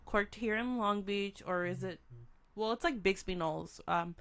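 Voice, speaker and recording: A woman's voice: mid-range voice, a little slow, a bit bright. A woman co-hosting a beer-tasting podcast, chatty and upbeat, with plenty of likes and ums. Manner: chatty, upbeat, filler-heavy. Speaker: podcast co-host. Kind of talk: casual beer-tasting chat.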